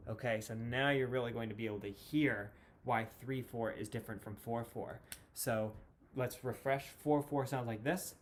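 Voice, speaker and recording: A man explaining time signatures as a music teacher, patient and clear, counting beats aloud. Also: mid-range voice, fairly even intonation, moderate pace, noisy background. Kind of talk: classroom lesson explanation.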